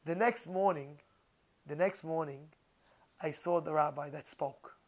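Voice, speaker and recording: A man, a rabbi, giving an animated storytelling Torah talk, repeating his phrases and mixing in Hebrew terms. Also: on the high side, measured pace, rough recording.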